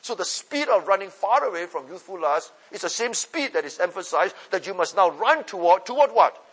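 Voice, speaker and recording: A man with a high, husky voice preaches a forceful sermon, talking a little fast with big pitch swings. He repeats his phrases and shifts between loud calls and soft asides, while a long reverb makes it sound like a large hall.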